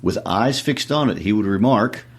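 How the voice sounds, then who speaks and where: A man with a deep voice co-hosts a literature podcast. He chats in a relaxed, casual way and reads passages of a story aloud. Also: moderate pace, slightly rough. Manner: relaxed and conversational. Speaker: podcast co-host. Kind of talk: casual discussion and reading narration aloud.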